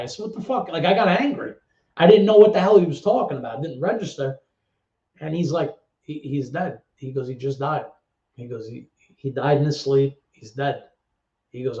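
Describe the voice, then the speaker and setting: A middle-aged man tells a candid story as an interview guest, blunt and swearing, with halting repetitions. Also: on the high side, a little mellow. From New York. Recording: roomy, dull lo-fi sound.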